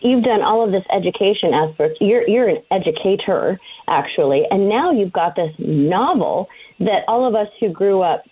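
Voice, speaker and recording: A woman interviewer gushes warmly and emotionally at her guest. Her voice comes through a thin, tinny phone line. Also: mid-range voice, lively intonation, normal speed, slightly rough. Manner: gushing, emotional, effusive. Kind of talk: interview conversation.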